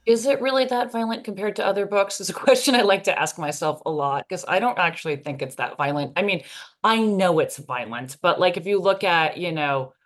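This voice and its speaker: Low-voiced woman author, candid and rambling. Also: a little fast. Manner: candid, rambling, many fillers. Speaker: author being interviewed. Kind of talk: casual interview answers.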